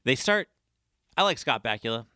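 Co-host, man, thirties, blunt and stubborn, bright forceful tone, dry close sound. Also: mid-range voice, big pitch swings, normal speed, no echo. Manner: blunt, argumentative, swears. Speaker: podcast co-host. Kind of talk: casual chat.

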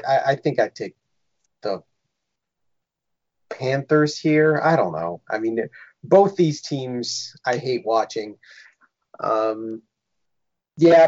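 A man's voice: mid-range voice, lively intonation, a little slow, pauses often, a little mellow, no echo, highs cut off. Offhand man picking a football team. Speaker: podcast co-host. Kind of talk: casual sports betting chat.

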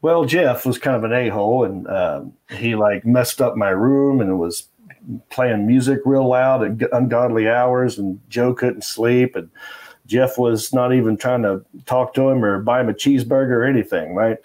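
At a moderate pace, this middle-aged comedian guest speaks in a mid-range, slightly mellow voice. His casual interview storytelling is loose and rambling, packed with fillers and false starts.

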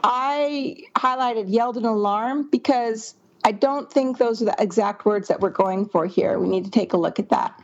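On a muffled recording, a woman's slightly high, slightly mellow voice moves at a moderate pace with hardly any pauses. She's a book editor doing a manuscript critique walkthrough, reading passages aloud before commenting on her edits.

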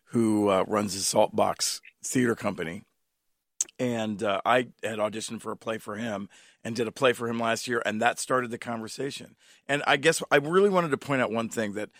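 A man who directs theater, speaking in a measured way as a guest on a radio show. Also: lowish voice, a bit bright, no room sound, clean studio sound. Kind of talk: radio interview.

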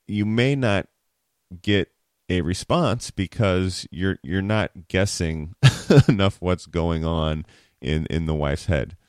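A deep-voiced man explains conversation techniques in a relaxed, teacherly way. He keeps checking in with the listener as he goes. The sound is dry and close. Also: dry recording. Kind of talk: explaining communication skills.

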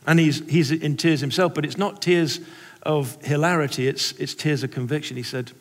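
Animated English preacher in a hall. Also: male voice, a little high, moderate pace. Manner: animated, rhetorical, humorous storytelling. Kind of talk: sermon. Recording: echoey hall reverb.

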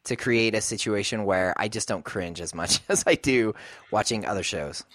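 A man's voice: fairly low pitch, moderate pace, fairly bright tone, no room sound. A man co-hosting a podcast, talking things through thoughtfully and often laughing as he searches for words. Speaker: podcast co-host. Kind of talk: casual chat.

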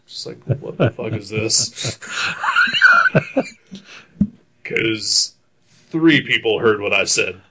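Rambling, lively-voiced man telling a story. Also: lowish voice, drawn-out words, long pauses, heavy background noise. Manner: rambling storyteller, many fillers, frequent laughs, profane. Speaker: podcast co-host telling a story. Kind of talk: casual chat.

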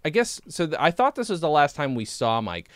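Rambling man with a lively voice. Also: fairly high pitch, a little fast, no echo, studio quality. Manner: rambling, self-interrupting, swears casually. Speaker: podcast co-host. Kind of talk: casual chat reviewing old videos.

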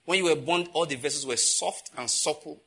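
A man's voice: fairly high pitch, a little fast, bright, forceful tone, husky. A man preaching a sermon, asking the congregation questions and answering them himself, with emphatic repetition. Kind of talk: sermon teaching.

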